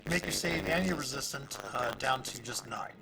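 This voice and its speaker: A man running a live tabletop game as dungeon master, halting and full of fillers. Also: mid-range voice, a crowd in the background.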